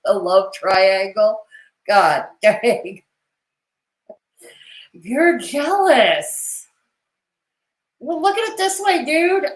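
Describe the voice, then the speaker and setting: A woman's voice: fairly high pitch, echoey room, low-quality recording. A woman commentating on a live stream, with sarcastic, mocking and cutting remarks.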